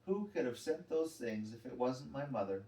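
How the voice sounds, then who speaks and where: A gentle schoolgirl, heartbroken and trembling as she pleads to be left alone, voiced by a man. The storybook reading sounds roomy and distant from the mic. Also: medium pitch, animated, normal speed, natural voice. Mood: trembling, bewildered.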